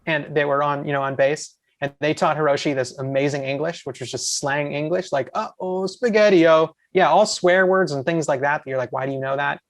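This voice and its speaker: A man's voice: a little high, fairly even intonation, fairly quick, hardly any pauses. A man, a podcast guest, telling enthusiastic, rambling stories full of asides in casual chat. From USA. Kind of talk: casual storytelling.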